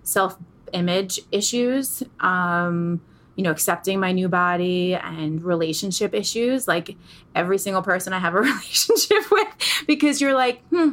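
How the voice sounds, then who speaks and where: A middle-aged woman speaking candidly as an interview guest, earnest and animated, explaining through vivid analogies. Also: on the low side, moderate pace.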